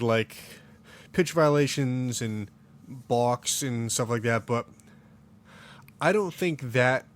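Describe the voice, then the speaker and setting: A man's voice: mid-range voice, slight background noise. A man hosting a casual sports podcast, opinionated and rambling, full of fillers and restarts. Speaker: podcast host. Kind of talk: casual chat.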